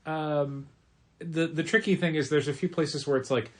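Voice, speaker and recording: A man's voice: a little high, normal speed. A man co-hosting a comic shop podcast in casual chat, easygoing, with his voice rising sharply when exasperated.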